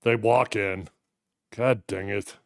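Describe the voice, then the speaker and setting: A man in his thirties hosting a live watch party, reacting to a football game with animated, fired-up commentary. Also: lowish voice, takes it slowly, vocal fry, no echo, clean studio sound. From United States.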